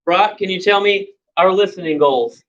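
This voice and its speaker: A woman's voice: fairly low pitch, moderate pace, highs cut off. A woman teacher leading young children through a lesson, patiently prompting and repeating her questions. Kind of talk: classroom instruction to young children.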